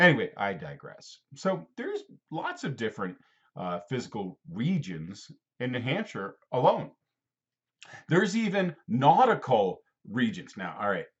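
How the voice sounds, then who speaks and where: A man's voice: fairly low pitch, slightly rough, dull audio. A man teaching a casual geography lesson, rambling and playful, talking straight to a student.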